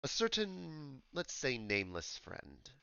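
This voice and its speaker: A man voicing a composed older high elf spymaster, mock-posh English, lively delivery. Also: slow pace, gravelly, clean tone, no room sound, highs cut off, heavily acted. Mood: suave. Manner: attempted posh English accent.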